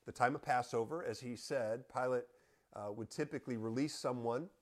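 Guy teaching bible study, reads a passage then explains it, earnest and steady, talks straight to the group. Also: mid-range voice. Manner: earnest, measured explanation addressed to listeners. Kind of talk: scripture reading and Bible teaching.

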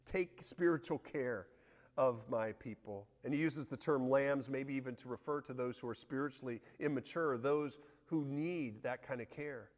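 A man's voice: mid-range voice, normal speed. A man preaching a sermon as pastor, earnestly reading scripture aloud with emphasis. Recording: long hall reverb.

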